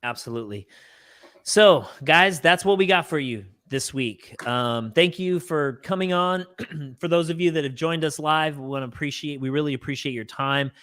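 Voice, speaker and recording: A man's voice: on the high side, normal speed, fairly bright tone, no room sound, studio quality. A man co-hosting a live real estate talk show, earnestly thanking listeners and encouraging them to send feedback. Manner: earnest, encouraging, addresses listeners as folks and guys. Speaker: real estate podcast co-host. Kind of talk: casual business chat, show wrap-up.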